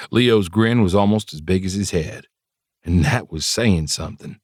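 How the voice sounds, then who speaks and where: A male audiobook narrator reading a novel in the first person, voicing the dialogue with feeling. His voice is low, and the recording is close and dry with no room sound. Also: moderate pace, husky, no echo.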